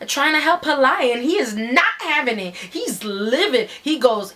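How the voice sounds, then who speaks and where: A woman's voice: sits high, animated, measured pace, a bit bright. A woman giving a dramatic story reading in a brash, profane, slangy way.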